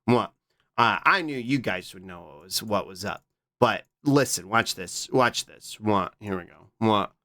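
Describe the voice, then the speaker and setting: A man chatting casually on a live stream, reading and answering his chat with quick, repeated "what?" interjections. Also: on the low side, animated, sharp tone.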